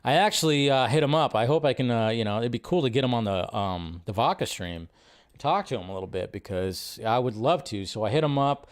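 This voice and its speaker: A man's voice: medium pitch, expressive, a little fast, clear, resonant tone. Chatty man hosting a movie stream. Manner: chatty, rambling, repeats phrases, laughs easily. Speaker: host of a live movie news stream. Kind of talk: casual live-stream commentary.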